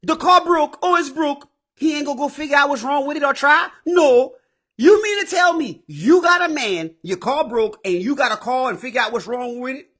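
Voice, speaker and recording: A man hosting his own show, delivering a profane, animated advice rant that bursts into shouting. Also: very high-pitched, normal speed. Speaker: show host. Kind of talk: ranting advice monologue.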